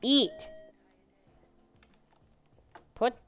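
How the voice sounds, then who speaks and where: A woman's voice: extremely slow, sharp tone, faint music behind. A woman playing a horror game and commenting on it, sarcastic and jokey, chatting to the characters on screen. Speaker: gaming channel host.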